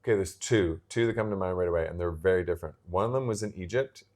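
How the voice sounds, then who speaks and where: A man's voice: deep voice, fast, darkish tone. A man co-hosting a podcast, telling reflective stories in casual chat with many fillers and restarts. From Pacific Northwest coast. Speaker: podcast co-host.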